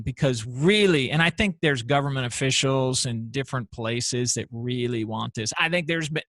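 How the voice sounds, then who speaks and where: A man hosting his own show, giving an animated, rambling solo commentary full of restarts. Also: medium pitch, no echo. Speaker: show host.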